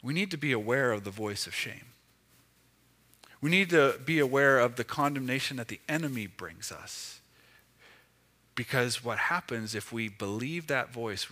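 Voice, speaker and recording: A man's voice: mid-range voice, animated, normal speed, bright, forceful tone. A man preaching a sermon as pastor, speaking emphatically with repeated phrases.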